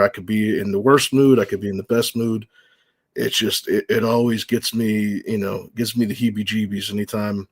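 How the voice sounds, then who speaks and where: A man's voice: lowish voice, slightly rough. A man as a guest in a casual chat, talking in an easygoing, rambling way with many fillers. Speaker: guest, horror recap creator.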